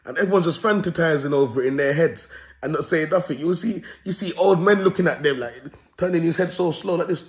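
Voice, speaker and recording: He's a young Londoner running his own video, his voice on the high side and his delivery brisk. Expect ranting comic commentary, plenty of swearing, and him cracking up at his own jokes.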